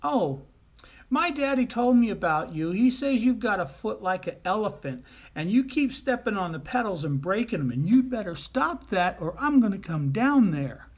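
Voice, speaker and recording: Man playing bossy little girl, indignant and scolding, pitched up and loud. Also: very animated, moderate pace.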